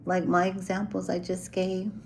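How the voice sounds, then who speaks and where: A woman chats with livestream viewers from a city hotel room while a band plays downstairs, captured in a rough recording. She speaks at a moderate pace in a low, slightly mellow voice with vocal fry and a completely flat delivery, yet she laughs a lot and performs the voices of people she quotes.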